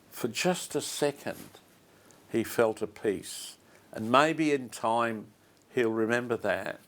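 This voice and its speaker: An older man, preaching a sermon as a pastor and telling a story slowly and with feeling, repeating his phrases. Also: lowish voice.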